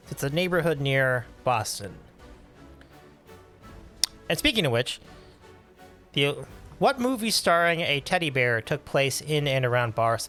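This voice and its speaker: Animated man hosting a livestream. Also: medium pitch. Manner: upbeat, animated, laughs often. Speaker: livestream host. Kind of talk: casual chat reading live chat.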